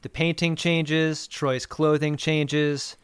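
A man with a thin, reedy voice, a little high, chats casually and playfully as a podcast co-host. The close mic is dry, with no room sound. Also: level tone, takes it slowly, clear, resonant tone, no echo. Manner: playful, riffing and recapping.

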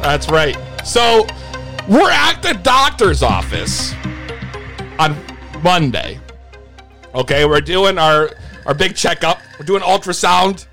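A man's voice: high-pitched, big pitch swings, takes it slowly, vocal fry, pauses often, sharp tone, soft background music. A man hosting a live stream, telling a long story in a casual way, swearing freely and often restarting his sentences. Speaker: livestream host.

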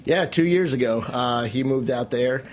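A man from a brewery, chatting in a relaxed, trailing way as a studio guest. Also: medium pitch, normal speed. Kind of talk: casual studio chat.

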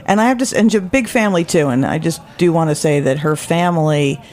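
A woman's voice: low-pitched, quick pace. Chatty laughing woman telling stories. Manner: chatty, laughs often, animated. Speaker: guest author. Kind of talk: casual chat, storytelling.

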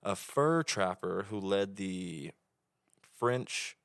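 A man's voice: low voice, very slow, gravelly, clear, resonant tone, no echo, studio quality. Swearing young Oklahoma man telling stories. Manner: swearing, animated storytelling. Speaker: podcast guest, rapper. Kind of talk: casual chat.

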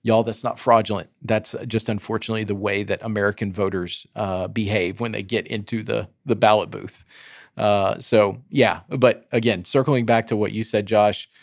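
A man co-hosting a casual roundtable podcast, lively and teasing, with many fillers. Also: on the low side, normal speed, gravelly, no echo, studio quality. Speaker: podcast co-host.

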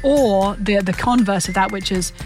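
A woman's voice: mid-range voice, moderate pace, over music. A woman, a guest author talking articulately and teasingly. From England. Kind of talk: casual chat.

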